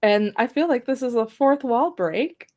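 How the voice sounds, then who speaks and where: A woman co-hosting a podcast, talking excitedly about a book she loves in casual chat. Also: fairly high pitch, measured pace. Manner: excitable, gushing fan. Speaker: podcast co-host.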